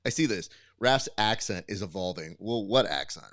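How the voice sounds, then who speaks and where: A man co-hosting a casual podcast, joking and throwing in quick asides. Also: on the low side, expressive, a bit bright, no room sound. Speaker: podcast co-host.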